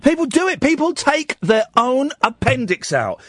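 A man's voice: very high-pitched, sing-song, normal speed, fairly bright tone, no echo, studio quality. A man hosting a late-night radio phone-in, playful and rambling as he jokes with a caller. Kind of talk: late-night call-in chat. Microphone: studio microphone.

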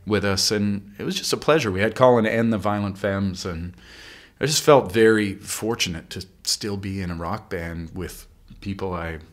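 A man being interviewed as a band member, answering with dry, deadpan humour. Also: fairly low pitch, moderate pace. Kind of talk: casual interview chat.

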